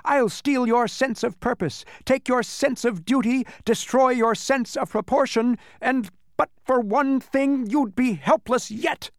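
A man's voice: extremely high pitch, unhurried, hardly any pauses, no echo, clean studio sound, pitched above the performer's own voice. A man reading a storybook, voicing a gleeful, cackling small male demon who gloats. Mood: gloating.

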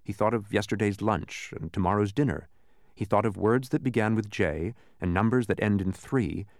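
A man narrating a children's storybook with expressive storytelling. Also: fairly low pitch, moderate pace, dry recording, clean studio sound. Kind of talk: audiobook narration.

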